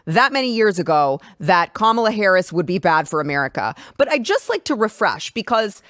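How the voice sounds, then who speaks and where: A woman's voice: mid-range voice, big pitch swings, a little fast, fairly bright tone, no echo, clean studio sound. A woman hosting a political talk show, talking casually with emphatic, sarcastic remarks. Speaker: host.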